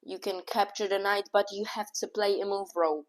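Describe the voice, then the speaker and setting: A woman giving casual, excitable running commentary on her own chess game, thinking aloud move by move and often scolding herself. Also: medium pitch, normal speed, few pauses. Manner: casual slang, says "bro" and "oh my god". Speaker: chess streamer.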